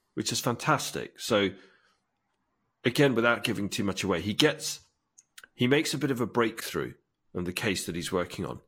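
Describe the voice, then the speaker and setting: A man's voice: fairly low pitch, a bit bright, slightly rough. A man chatting casually as a podcast co-host, eagerly retelling a movie scene in detail. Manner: enthusiastic storytelling, acts out film lines. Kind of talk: casual chat.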